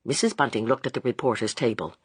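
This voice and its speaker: An audiobook narrator reading a classic novel in a measured, expressive way. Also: medium pitch, husky, no echo.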